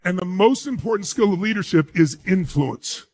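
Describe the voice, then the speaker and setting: A man's voice: high voice, lively intonation, moderate pace, a little mellow. A man giving a live motivational speech to an audience, emphatic and full of rhetorical questions. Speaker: motivational speaker.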